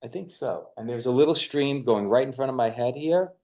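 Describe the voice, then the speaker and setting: A man co-hosting a webinar, giving relaxed, loosely rambling advice over a video call with a clip-on mic. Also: mid-range voice, a little fast. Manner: relaxed, rambling, hesitant with fillers. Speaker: co-host, media coach. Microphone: lavalier on a video call.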